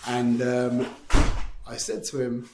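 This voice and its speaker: A man teaching an informal Torah class, animated and full of restarts and rhetorical questions. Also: medium pitch, slow, roomy sound, background noise.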